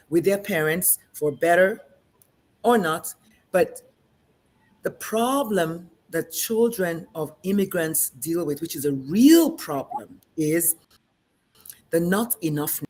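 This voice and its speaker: A middle-aged woman from Nigeria, a physician and guest, telling stories in a lively conversational way and acting out the voices of people she quotes. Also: lowish voice, slow. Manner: animated storyteller, acts out quoted voices. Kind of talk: conversational discussion.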